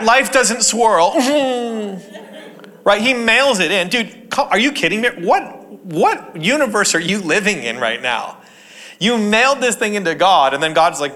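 Bright-voiced joking man preaching. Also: sits high, moderate pace. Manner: jokey, animated, laughs at his own stories. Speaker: pastor. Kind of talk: sermon with personal storytelling.

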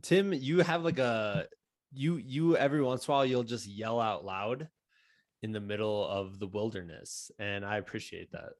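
Low voice guy hosting a podcast, friendly and rambly, laughs a lot, dry sound. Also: moderate pace, no room sound. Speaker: podcast host. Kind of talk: casual podcast interview.

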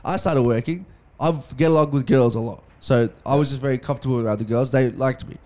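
A man's voice: medium pitch, quick pace. A young man, telling crude, swear-filled stories in a casual podcast chat. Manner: crude, swearing, animated storyteller. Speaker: podcast co-host.

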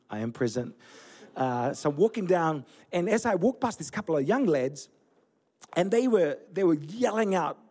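A pastor in his forties, originally from Fiji, delivers a sermon through lively personal stories. His voice sits somewhat high for a man. He laughs at his own mishaps as he goes. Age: 40s. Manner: storytelling, animated, laughing at himself. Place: church.

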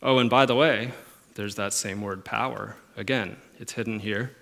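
A low-pitched man delivers a sermon. He talks earnestly, dropping to quiet musing and then rising to strong, stressed points. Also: fairly even intonation, normal speed, creaky. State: emotional at moments. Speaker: pastor.

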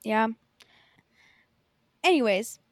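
A woman's voice: fairly high pitch, animated, very slow, no echo. A young woman co-hosting a podcast in casual chat, rambling with lots of fillers and casual swearing. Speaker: podcast co-host.

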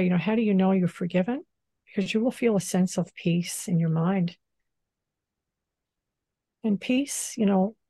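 A woman speaking as a spiritual teacher in an interview, gentle and unhurried, often saying "you know". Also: lowish voice, no echo. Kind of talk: calm spiritual interview talk.

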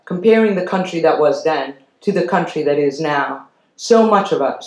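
A woman's voice: low-pitched, darkish tone, roomy sound, low-quality recording. A woman from Venezuela giving a public lecture, telling her story in an earnest, emphatic way. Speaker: guest lecturer. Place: lecture hall.

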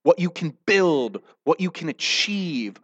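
A man preaching a sermon as pastor, animated, telling the story and acting out the quotes. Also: a little high, takes it slowly, slightly rough, in a large hall. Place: church.

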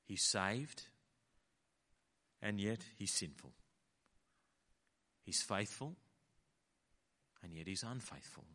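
A male preacher delivers a sermon, his bright voice leaping up and down as he acts out the lines he quotes. A long reverb hangs behind him, as if he is in a large hall. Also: on the low side, lively intonation, slow pace, pauses often.

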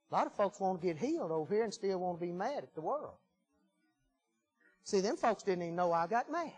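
Folksy preacher man, high voice. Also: very animated, brisk, slightly rough, soft background music, poor audio. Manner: folksy, emphatic, swings from loud to hushed. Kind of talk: sermon.

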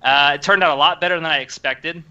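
A young man hosting a casual podcast chat, animated and laughing often. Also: fairly high pitch, quick pace, clear, resonant tone, highs cut off. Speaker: podcast host.

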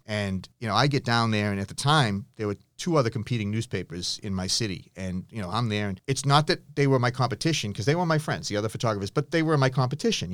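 A middle-aged man, a photographer and teacher, answering interview questions with animated anecdotes, acting out voices and restarting often. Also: on the low side, dry recording, studio quality. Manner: many restarts and fillers.

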